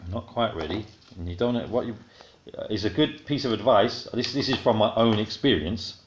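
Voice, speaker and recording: A man talks quickly and chattily, explaining each step as he unpacks and puts things together at home. The recording is dull and lo-fi, with clear steady noise underneath. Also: lowish voice. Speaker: vlogger assembling a scooter with his child. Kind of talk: casual unboxing chat.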